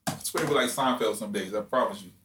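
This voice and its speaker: A man co-hosting a casual podcast chat, teasing and swearing with loud laughs. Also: on the low side, fast talker. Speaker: podcast co-host. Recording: echoey room, faint noise.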